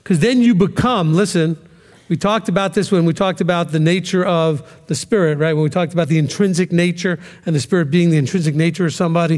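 A man's voice: high-pitched, darkish tone, in a large hall. A man teaching a ministry class in a conversational sermon style, often checking in with "okay?" and acting out quoted voices.

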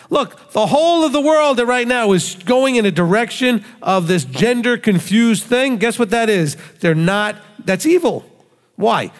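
A man teaching as a rabbi in a sermon, emphatic, asking rhetorical questions and acting out quoted voices. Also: sits high. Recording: long hall reverb.

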